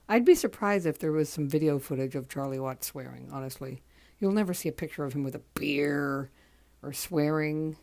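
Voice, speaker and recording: Weary low-voiced woman, soft and halting. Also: no echo. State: exhausted from crying. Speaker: podcast host. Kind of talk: casual spoken tribute monologue.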